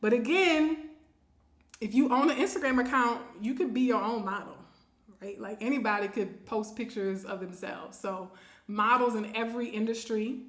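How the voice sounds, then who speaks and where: A woman's voice: on the high side, moderate pace, echoey room. A woman hosting a casual live stream, reading viewer comments aloud and laughing often. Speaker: livestream host.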